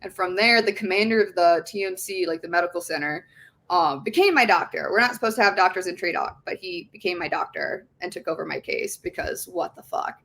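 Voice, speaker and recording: A woman in her twenties, a podcast guest telling her story in a casual, chatty way, with lots of "like" fillers, frequent swearing and an animated delivery. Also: on the low side, fairly quick, vocal fry. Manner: heavy use of "like" fillers.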